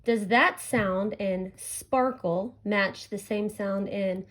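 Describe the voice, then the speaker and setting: A woman teacher giving a recorded phonics lesson to children, speaking clearly and drawing out each sound. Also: mid-range voice. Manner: slow, clear, stretching out sounds for young learners.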